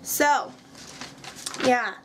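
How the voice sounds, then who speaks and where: A woman's voice: drawn-out words, a bit bright, slight background noise. A young woman chatting casually, rambling and poking fun at herself as she shows off her art journal at home. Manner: chatty, rambling, self-mocking. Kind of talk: casual show-and-tell vlog.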